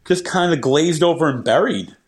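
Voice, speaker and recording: A man's voice: on the high side, expressive, moderate pace, husky. A man calling in to a podcast, teasing and coaxing the host. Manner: pleading, teasing.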